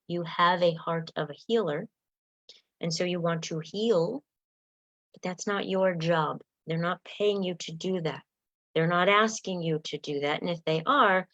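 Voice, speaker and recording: A woman's voice: on the low side, dry recording, highs cut off. A woman coach giving a spoken self-help lesson, earnest and direct, often acting out sample lines of what to say.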